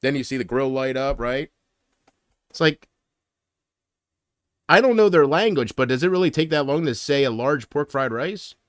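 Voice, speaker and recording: A man's voice: mid-range voice, lively intonation, normal speed, pauses often, no room sound, clean studio sound. Rambling, griping man on a stream. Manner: rambling, griping, trailing off mid-sentence; swings from loud complaints to muttered asides. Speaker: livestreamer. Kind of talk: casual livestream chat.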